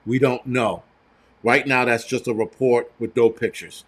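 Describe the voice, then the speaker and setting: An American man at an ordinary middle pitch, hosting a casual live stream. He talks straight to his viewers in a loose, rambling way, blunt and quick to swear. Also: level tone, fairly bright tone. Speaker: prepper channel host.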